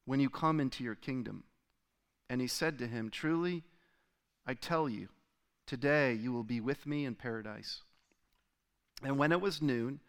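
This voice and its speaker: A man's voice: mid-range voice, clear, resonant tone. A man preaching a sermon, reading a scripture passage aloud with dramatic swells and drops in his voice. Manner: dramatic reading with sharp rises and drops in loudness. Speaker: pastor.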